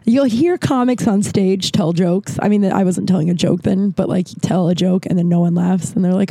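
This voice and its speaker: A woman's voice: lowish voice, normal speed, gravelly, few pauses, no echo. A woman comedian telling a rambling story in casual talk, swearing often and acting out what people said. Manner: rambling, profane, animated with voiced quotes. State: out of breath. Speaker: comedian and podcast host.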